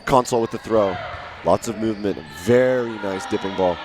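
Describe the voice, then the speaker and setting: A man giving live play-by-play commentary, rising to shouts at big plays. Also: fairly low pitch, brisk. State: out of breath.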